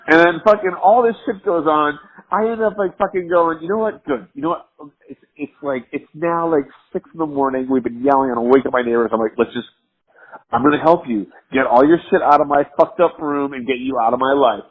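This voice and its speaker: A man's voice: fairly high pitch, fast talker, slightly rough. A drunk man telling a rambling, profane story over the phone, laughing often. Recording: muffled phone line.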